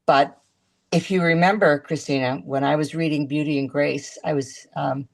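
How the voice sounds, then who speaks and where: A woman talking as a guest in a casual video-call chat, chatty and halting, restarting her sentences often. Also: low voice, steady tone, creaky.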